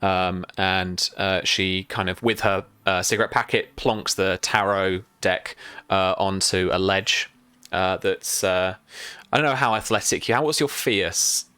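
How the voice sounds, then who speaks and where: A man's voice: low voice, a little slow, sharp tone, clear, resonant tone, no echo. A man as game master of a tabletop game, rambling with many fillers and restarts. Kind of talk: narrating a tabletop game on a stream.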